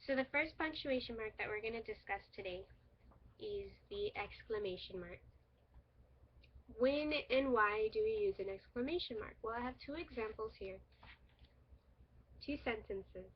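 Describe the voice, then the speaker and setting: A young woman teaches an English lesson in a slightly high, husky voice. She explains things patiently and clearly, with light laughs now and then. The sound is dull and lo-fi, as if from a built-in camera mic. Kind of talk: recorded teaching demo.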